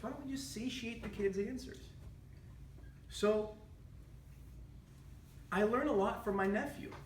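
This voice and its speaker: A man giving a prepared speech to an audience, telling a humorous family story with animated delivery. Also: sits high, a little hiss or hum. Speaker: public speaker. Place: meeting room with an audience. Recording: echoey room from a distant mic.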